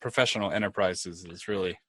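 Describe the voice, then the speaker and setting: Animated, profane male tabletop player. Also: deep voice, fairly quick, no echo. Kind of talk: casual tabletop banter.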